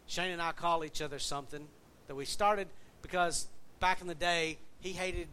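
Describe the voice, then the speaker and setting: Folksy Southern pastor with a higher voice. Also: male voice, fairly even intonation, normal speed, bright, forceful tone, smooth. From Southern United States. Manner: folksy, conversational, quizzes the congregation. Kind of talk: sermon.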